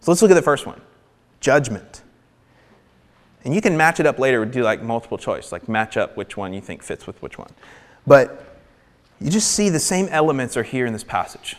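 A man preaching a sermon, animated and emphatic, sometimes dropping his voice to a near-whisper for emphasis. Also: mid-range voice, moderate pace, pauses often, long reverb tail.

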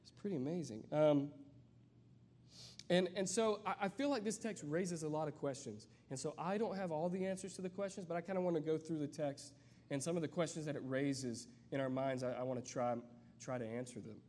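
A man giving a sermon as a guest preacher, conversational and searching, with many fillers and restarts, and reading scripture slowly. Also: on the high side, warm tone.

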